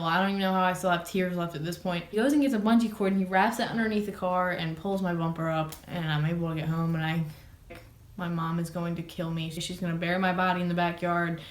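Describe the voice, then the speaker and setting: A young adult woman casually telling a dramatic personal story on her vlog, swearing, laughing and exaggerating as she goes. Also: lowish voice. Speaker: vlogger. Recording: echoey room.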